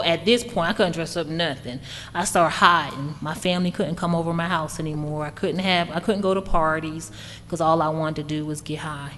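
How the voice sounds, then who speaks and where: A middle-aged woman gives an emotional personal testimony in a plain, conversational way. Her voice sits a little low, and a long reverb hangs on it. A faint room noise runs underneath. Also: fairly bright tone. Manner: candid, conversational, emotional storytelling. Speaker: speaker sharing recovery story.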